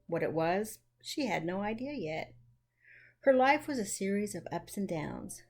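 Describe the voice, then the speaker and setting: A woman narrating a classic children's novel as a gentle, unhurried storybook reading with mild character voices. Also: on the low side. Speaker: audiobook narrator.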